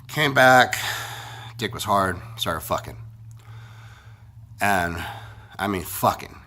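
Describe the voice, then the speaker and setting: A man with a low voice that still has a bright, forceful edge rambles through a crude story. He sounds sick and congested, swears constantly, and talks bluntly in a casual way. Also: animated, slow. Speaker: vlogger.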